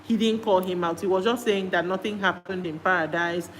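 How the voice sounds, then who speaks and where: A woman from Nigeria vlogging, retelling a show in a casual, chatty way with animated jumps into high-pitched exclamations. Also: brisk, slight background noise, low-quality recording.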